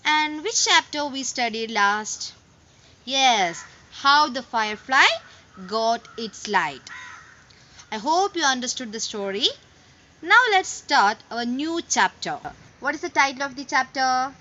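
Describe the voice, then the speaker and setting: A woman's voice: high-pitched, animated, slow pace, bright, forceful tone, lo-fi sound. A woman English teacher leading a lesson for young pupils, asking questions and answering them herself in simple, slightly broken English.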